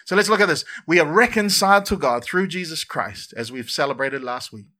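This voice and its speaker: A man preaching a sermon in church, lively and conversational, often repeating words and adding asides. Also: fairly high pitch, a little fast. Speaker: pastor.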